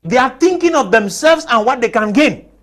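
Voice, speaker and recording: Panelist, male, high voice, emphatic debater who leans on rhetorical questions in a TV studio. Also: expressive, normal speed, fairly bright tone. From Cameroon. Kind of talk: TV panel discussion.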